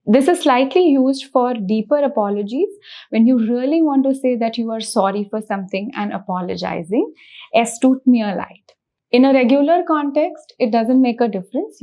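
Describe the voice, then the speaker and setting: A woman's voice: a little high, warm tone. A woman teaching a language lesson, patiently repeating words and breaking them into syllables. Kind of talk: slow spoken language lesson.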